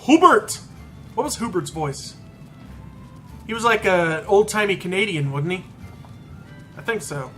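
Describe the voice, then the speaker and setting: A man's voice: sits high, lively intonation, measured pace, pauses often, a bit bright, faint music behind. A man chatting casually over gameplay with joking, self-questioning asides. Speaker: gameplay commentator.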